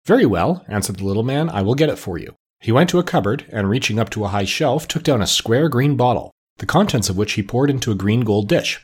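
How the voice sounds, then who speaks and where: Husky, expressive male audiobook narrator. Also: on the low side. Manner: measured, expressive storytelling. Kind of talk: scripted narration.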